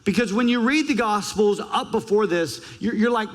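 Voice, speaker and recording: A man preaching a sermon as pastor, emphatic, ranging from raised urgency to hushed scripture reading. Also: moderate pace. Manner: emphatic, varies pitch and pace widely, drops to a hush for scripture. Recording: long church hall reverb.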